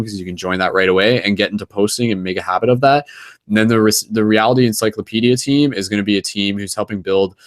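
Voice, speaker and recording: A man with a deep, low voice hosts an online group hangout. He talks loosely, with lots of fillers and restarts, and sounds a little tired. The sound is dry and close, with no room echo. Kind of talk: casual rambling group chat.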